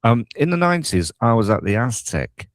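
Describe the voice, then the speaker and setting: A man hosting a casual chat, telling a story in a relaxed, hesitant way. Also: mid-range voice, fairly quick, no room sound.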